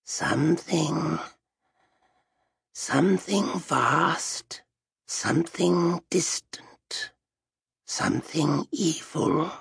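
A man voicing a fearful old crone witch who croaks out prophecies with a dry throat, slow and halting. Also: fairly high pitch, fairly bright tone, no room sound, voice pushed up, full character voice. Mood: prophetic.

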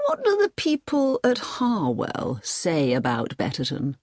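A woman's voice: sits low, wildly swooping pitch, unhurried, no echo, studio quality, full character voice. Woman doing an agitated army colonel. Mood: urgent. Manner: loud exclaiming, urgent. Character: agitated male army colonel, middle-aged, impatient. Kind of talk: audiobook reading.

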